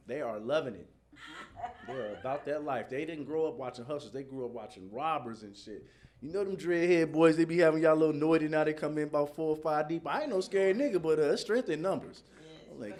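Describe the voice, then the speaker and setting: Profane stand-up host. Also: male voice, mid-range voice, a little fast. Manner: loose, profane, animated impressions. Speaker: comedy show host. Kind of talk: stand-up comedy.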